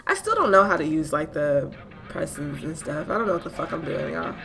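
A woman commentating a video game playthrough in a casual, excitable, self-deprecating way, swearing often. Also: sits low, brisk, gravelly, over music. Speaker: gamer streamer. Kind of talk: casual let's play commentary.

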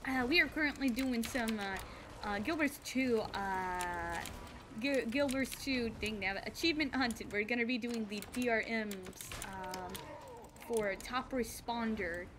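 A woman's voice: fairly high pitch, measured pace, background noise. A woman streamer chatting casually while she plays a game, laughing often and restarting her sentences, her voice a little off today. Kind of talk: casual live-stream chat while gaming.

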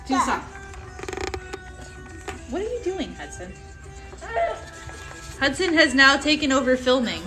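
A woman hosting a casual home livestream with her young child, chatty and playful, laughing often. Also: sits high. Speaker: livestream host and mother. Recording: livestream with music playing behind. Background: music playing.

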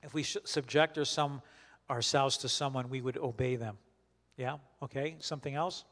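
A man leading a Bible study as a pastor, teaching in a conversational, halting way with many restarts and questions put to the group. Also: medium pitch, steady tone, fairly bright tone, long reverb tail. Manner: questions the group and repeats their answers.

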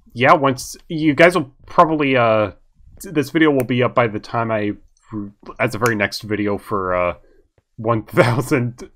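A man's voice: medium pitch, fairly bright tone. A young man chatting casually while gaming with friends, rambling and stammering as he restarts his sentences. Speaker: channel owner hosting a gaming chat.

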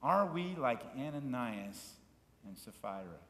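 A male pastor preaching a sermon, shifting between loud, fervent passages and quiet asides, and asking the congregation questions. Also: medium pitch, sing-song, a little slow. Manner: asks the congregation questions and invites them to repeat words. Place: church sanctuary. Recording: echoey church hall with long reverb.

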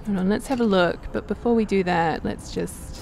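A woman playing a role-playing game, reading its text aloud and thinking aloud in a relaxed, casual way. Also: mid-range voice, moderate pace, gravelly, a little hiss or hum. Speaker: game streamer.

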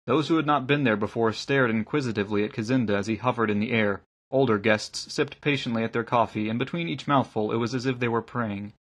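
A man narrating an audiobook in a calm, measured reading. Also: medium pitch, husky.

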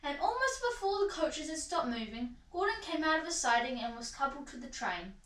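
A woman reads a children's storybook aloud, expressive and sing-song, her voice sitting high and moving fairly quickly. She's recorded in an echoey room, far from the mic.

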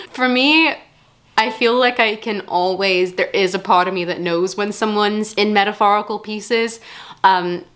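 A woman's voice: mid-range voice, a bit bright. A young woman filming a casual music reaction vlog in her bedroom, talking in a candid, rambling way and swearing freely. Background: music playing faintly.

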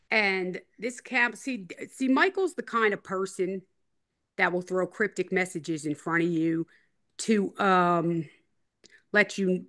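A woman's voice: on the low side, pushed and bright. Rambling woman guest teasing playfully. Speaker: interview guest telling her story. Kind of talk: casual on-camera interview.

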